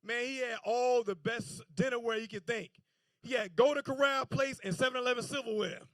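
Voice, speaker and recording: A man's voice: extremely high pitch, fairly even intonation, a little fast, a bit bright, dry recording. A man doing a stand-up set on a comedy club stage, telling stories loosely with stammering restarts.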